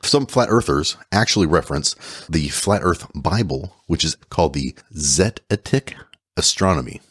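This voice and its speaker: A man's voice: low-pitched, animated, normal speed, slightly rough, no echo, studio quality. A man co-hosting a casual podcast, explaining with playful jokes and sound effects. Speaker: podcast co-host.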